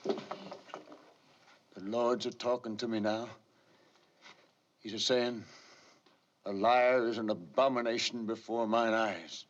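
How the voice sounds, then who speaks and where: An actor playing a menacing preacher villain who threatens in a slow biblical drawl, from an old film. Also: male voice, on the low side, steady tone. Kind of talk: 1950s film acting. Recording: dull lo-fi archival film sound.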